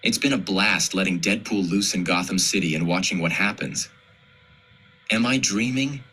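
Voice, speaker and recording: A man's voice: deep voice, normal speed, bright, forceful tone, breathy edge, rough recording. A man reading press quotes aloud in a plain delivery.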